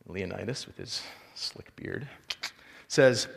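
Male pastor preaching, animated storyteller, asks the crowd questions, big echoey hall, mid pitch. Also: normal speed. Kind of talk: sermon.

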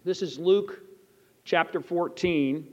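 A man with a high voice preaches in a chapel, speaking in an earnest storytelling way and putting questions straight to the people in the seats. The sound is slightly dull, and long reverb hangs in the hall around him. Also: takes it slowly, a little mellow. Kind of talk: sermon with personal story.

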